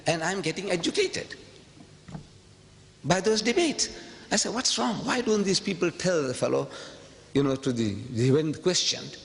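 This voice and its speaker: A man giving a public lecture to an audience, emphatic and rhetorical, repeating phrases and swinging from quiet asides to sudden high outbursts. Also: lively intonation, normal speed, gravelly, long pauses. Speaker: public speaker. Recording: long hall reverb, faint background noise.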